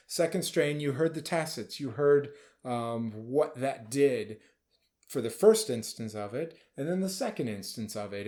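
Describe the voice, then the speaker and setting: A man's voice: mid-range voice, darkish tone. A man leading a band rehearsal, calling out cues and explaining the music between passages. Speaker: band director. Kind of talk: rehearsal instruction over a recording. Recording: music playing underneath. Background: band music playing.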